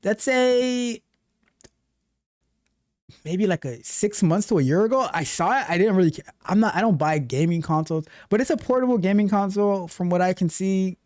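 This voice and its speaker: A man's voice: sits high, lively intonation, normal speed, a little mellow, no room sound, clean studio sound. A man coaching on tech, streaming live and reading his chat aloud with a playful, teasing manner.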